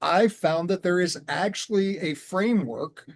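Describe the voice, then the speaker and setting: Man, high voice, dry close sound, measured earnest storytelling, conversational guest. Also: gravelly, no room sound. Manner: measured, earnest, slows down on key words. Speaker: guest, transformation coach.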